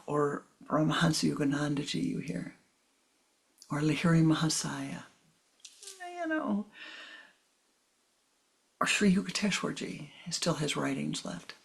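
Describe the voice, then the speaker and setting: A woman spiritual teacher speaks in a low, husky voice. She tells a personal story, often sinking into soft whispered asides. She acts out the dialogue of the people in the story with feeling. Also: expressive, unhurried, long pauses. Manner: acts out quoted dialogue expressively.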